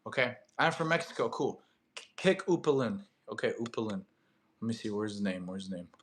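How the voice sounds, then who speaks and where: A man's voice: fairly low pitch, lively intonation, brisk, roomy sound, background noise. A young man from Russia, a fitness streamer, chatting casually with viewers in a loose, slangy way with many fillers and restarts. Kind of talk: casual live-stream chat reading viewer questions.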